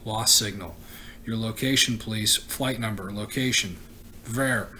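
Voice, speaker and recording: A man's voice: fairly low pitch, unhurried, pushed and bright, a little hiss or hum. A man voicing a terse male radio operator who speaks in clipped, formal radio phrasing. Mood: businesslike.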